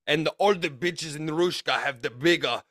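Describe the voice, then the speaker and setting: A man's voice: a little high, normal speed, fairly bright tone. A man hosting a casual podcast, talking in a crude, rowdy, joking way and laughing often. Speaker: podcast host.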